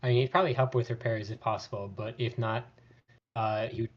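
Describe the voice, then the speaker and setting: A man's voice: medium pitch, steady tone, brisk, dull audio. A man playing in a tabletop game, unsure and thinking aloud as he decides what to do. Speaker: player. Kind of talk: casual tabletop play.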